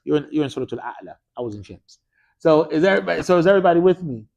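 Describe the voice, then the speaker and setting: A man's voice: a little high, expressive, racing, creaky, a little mellow, lo-fi sound. A man teaching an Arabic grammar class in a mosque classroom. He speaks with energy, keeps quizzing his students with "what?" prompts and drops casual slang.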